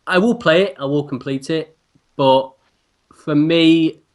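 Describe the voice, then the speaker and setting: A man's voice: a little high, a little slow. A man with an English accent co-hosting a gaming podcast, giving his earnest opinion on a game. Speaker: podcast co-host. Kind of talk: casual podcast chat.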